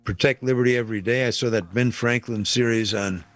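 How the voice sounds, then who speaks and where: A man hosting a talk radio show, giving emphatic political commentary and slowing down to stress key lines. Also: medium pitch, fairly even intonation, no echo, soft background music.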